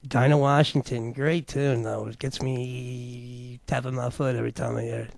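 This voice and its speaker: A man's voice: medium pitch, flat delivery, normal speed, creaky, a little mellow, faint music behind. A man hosting a talk show, commenting casually on clips and rambling with many fillers and restarts.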